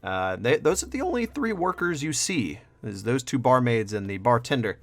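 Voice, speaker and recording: A man's voice: mid-range voice, sing-song, normal speed, soft background music. A man running a tabletop game, describing scenes loosely with many fillers. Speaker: game master.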